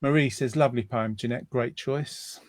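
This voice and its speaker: A man's voice: medium pitch, steady tone, moderate pace. A man hosting a casual online show, reading out listener comments with a jokey, teasing manner. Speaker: host.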